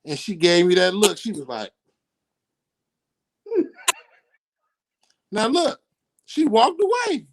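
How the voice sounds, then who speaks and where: A man telling a profane, animated story in casual podcast chat. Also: high-pitched, gravelly.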